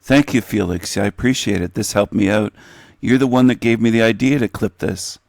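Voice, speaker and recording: Deep-voiced male host, losing his voice a little, slow rambling chat, dry close sound. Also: creaky, darkish tone, no room sound. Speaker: host of a livestream channel. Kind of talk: casual commentary to viewers. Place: indoor room.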